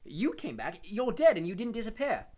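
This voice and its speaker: Brief: man doing a pushy, upset teen boy, high and loud, pitch jumping around. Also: big pitch swings, moderate pace, full character voice. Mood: angry. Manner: urgent, pressing, raised voice. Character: grieving teenage boy wizard, urgent and angry. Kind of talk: audiobook character voice.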